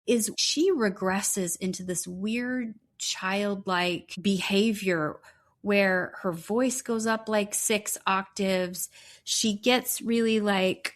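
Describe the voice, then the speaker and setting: A woman co-hosting a podcast, recapping reality TV in blunt, profane casual chat. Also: mid-range voice. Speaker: podcast co-host.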